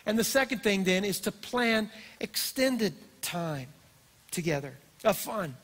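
An older pastor speaks from the stage of a church auditorium, telling stories with animated energy. His voice sits high for a man. It rings out with a long hall reverb. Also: a little slow. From Colorado, USA. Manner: storytelling, animated and warm-hearted. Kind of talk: sermon.

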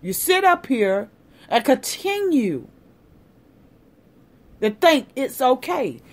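Emphatic woman ranting, high lively voice. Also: slow pace. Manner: emphatic, sarcastic, repeats herself for effect. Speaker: vlogger. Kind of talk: impassioned political rant.

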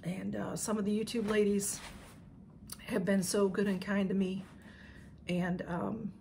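Talking to her camera as she unboxes something, this woman vlogger on YouTube is emotional and thanks viewers repeatedly. Her medium-pitched voice is gravelly and mellow, level in tone and unhurried, with a bit of background noise.

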